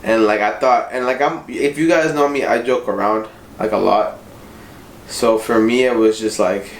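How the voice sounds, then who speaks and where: A man's voice: fairly low pitch, fairly even intonation, measured pace, fairly bright tone. A young man telling a casual storytime about his job, slangy and profane, leaning on "bro" and "like". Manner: slangy, profane, laid-back, fillers like "bro" and "like". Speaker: vlogger. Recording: roomy echo with faint noise.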